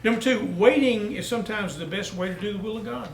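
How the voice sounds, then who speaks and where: In a poor, reverberant recording with slight background noise, a pastor with a high, fast, vocal-fried voice delivers his sermon. He tells homespun country tales and builds toward emphatic high points.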